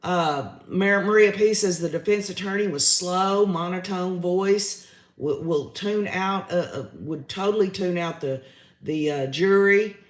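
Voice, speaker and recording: A man's voice: high voice, a little slow, echoey room. A man, hosting a livestream, giving his opinions in a chatty way and reading out viewer comments. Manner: chatty, opinionated, says y'all often. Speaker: livestream host reading chat.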